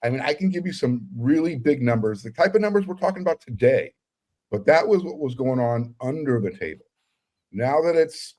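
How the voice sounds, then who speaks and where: A man with a warm, mellow voice co-hosts a sports podcast. He talks through things with a wry, sardonic edge. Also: mid-range voice. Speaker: podcast co-host. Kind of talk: casual sports talk.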